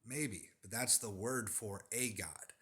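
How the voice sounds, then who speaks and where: A man's voice: fairly low pitch, slow pace, fairly bright tone. A man delivering an emphatic religious monologue, insistent and lecturing, repeating his points for emphasis. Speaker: religious commentator.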